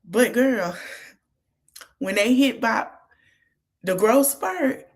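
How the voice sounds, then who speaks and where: A woman's voice: a little high, lively intonation, drawn-out words. A woman hosts a podcast and recaps a reality show in easy, casual talk. She keeps stopping to give the cast frank, motherly advice, as if she were talking to them face to face. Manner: chatty, gives motherly advice straight to the cast.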